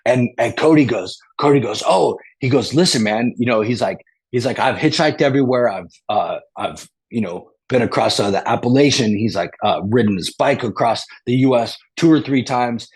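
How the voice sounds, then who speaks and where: A man with a slightly husky, mid-pitched voice tells a story as an interview guest. He rambles and restarts often, dropping casual slang as he goes. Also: moderate pace, few pauses.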